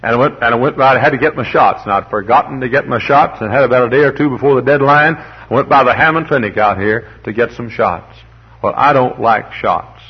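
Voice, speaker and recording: This husky male pastor, medium in pitch and a little fast, spins humorous folksy tales in a rambling sermon, stumbling over repeated words. He then climbs into emphatic declarations, with audio dull and lo-fi like an old recording.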